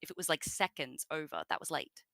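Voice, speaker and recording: A woman's voice: low-pitched, very animated, a little fast, vocal fry, a bit bright, no echo. An Australian woman guest in a casual interview chat, rambling and filling her talk with asides. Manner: chatty and rambling, with many fillers and asides. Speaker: voice actress guest.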